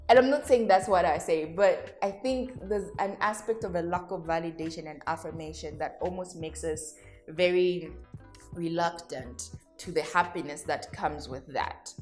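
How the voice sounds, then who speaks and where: Candid woman podcaster, lowish voice. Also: darkish tone. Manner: candid, laughs at herself, talks to listeners as guys. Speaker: podcast host. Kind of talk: reflective solo podcast talk.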